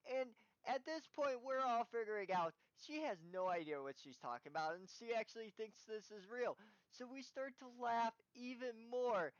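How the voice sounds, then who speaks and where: Rambling story time narrator, smooth voice. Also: medium pitch, expressive, normal speed, no room sound, muffled recording. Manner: rambling, with many "you know" fillers.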